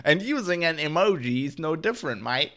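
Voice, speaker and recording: Dude faking an aussie spokeswoman voice, slow and drawly, mate. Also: fairly high pitch, big pitch swings, a bit bright. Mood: mocking. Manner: slow, drawn-out mock accent. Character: female club spokeswoman with mock Australian accent.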